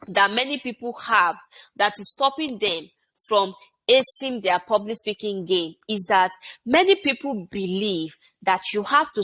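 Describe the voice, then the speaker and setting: A woman's voice: medium pitch, fairly bright tone. Emphatic woman coaching public speaking. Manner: emphatic, repeats phrases and asks rhetorical questions. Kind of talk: motivational teaching talk.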